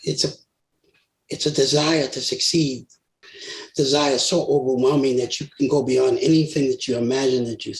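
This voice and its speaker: Speaking at normal speed with a medium-pitched voice, an older guest singer shares stories from a long career in an interview. Animated and quick to laugh, he performs the voices of the characters, and the room around him adds a spacious echo.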